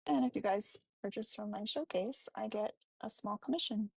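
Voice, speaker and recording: A woman's voice: mid-range voice, moderate pace, vocal fry, darkish tone, husky, no room sound. A woman chatting casually on a livestream, talking about hair tools and commissions. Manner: casual, chatty, product talk.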